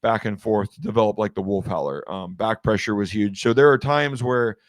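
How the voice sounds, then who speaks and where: A man's voice: fairly low pitch, a little fast, no room sound. Rambling man in a dry room. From Washington state. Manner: rambling, many restarts and fillers. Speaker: guest, game call maker. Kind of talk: casual interview chat.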